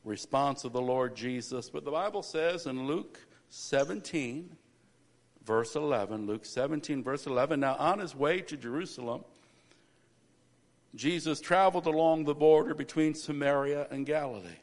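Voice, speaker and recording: A man pastoring a church service, praying and preaching a sermon that builds to loud, emphatic stretches. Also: on the high side, normal speed. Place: church sanctuary. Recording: reverberant church hall.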